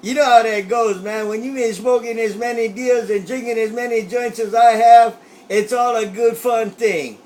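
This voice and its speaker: A man's voice: very high-pitched, steady tone, moderate pace, a little mellow. A man chatting playfully on CB radio, tossing in a quacking catchphrase. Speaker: CB radio operator. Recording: CB radio with light static.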